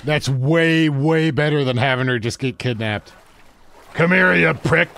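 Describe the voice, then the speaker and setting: A man giving casual gameplay commentary, animated and swearing, often shouting at the game and mocking himself. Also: mid-range voice, slow, vocal fry, slight background noise. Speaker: let's play host.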